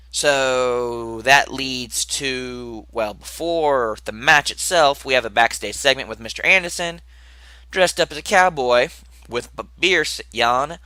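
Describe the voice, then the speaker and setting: A man's voice: mid-range voice, pushed and bright, dry recording. A young man recapping a wrestling show in a casual, rambling podcast style, with asides and muttered remarks.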